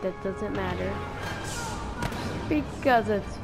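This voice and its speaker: A woman giving casual, playful gameplay commentary and taunting her opponents out loud. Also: medium pitch, slow, over loud music. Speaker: gamer.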